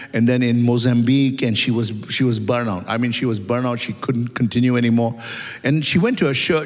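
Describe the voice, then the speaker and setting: A man preaching a sermon in an animated way, asking the congregation rhetorical questions and building up emphasis. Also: mid-range voice. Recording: long hall reverb.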